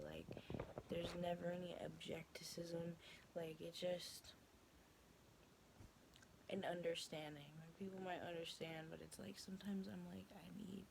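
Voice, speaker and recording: A woman's voice: on the low side, gravelly, a little mellow, a little hiss or hum, rough recording. A young woman venting in a casual confessional vlog, blunt and profane, rambling with lots of fillers. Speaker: vlogger.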